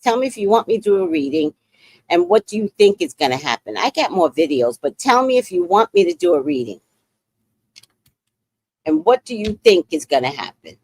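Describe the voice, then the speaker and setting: Lively New York woman streamer. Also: mid-range voice, a little fast, vocal fry, husky, no room sound. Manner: chatty, blunt, profane, laughs often. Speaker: livestream host. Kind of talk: casual live-stream commentary.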